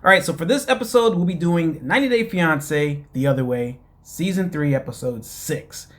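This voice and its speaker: A man hosting his own show casually recaps a reality TV episode, chatty and rambling with many fillers, calling his listeners "guys." His voice is fairly high and a bit bright, at a normal speed.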